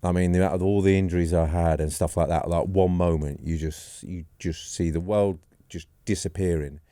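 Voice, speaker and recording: Podcast guest, man, 40s: low mellow voice, dry studio sound, rambling self-deprecating storyteller. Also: fairly even intonation, moderate pace, clear, resonant tone, dry recording. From England. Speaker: podcast guest, former goalkeeper. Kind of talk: casual storytelling.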